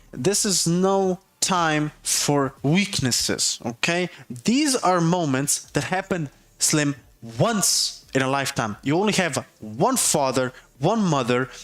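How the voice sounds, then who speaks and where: A man's voice: fairly high pitch, a bit bright. A man telling a story on a livestream, heated and profane, rambling with restarts. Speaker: livestreamer and tattoo artist.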